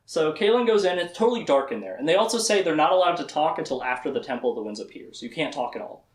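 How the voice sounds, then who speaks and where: A man's voice: fairly high pitch, big pitch swings, fast talker, roomy sound. A man casually recapping a fantasy novel for a podcast, rambling, laughing and quoting the characters. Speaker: podcast host. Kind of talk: casual book discussion.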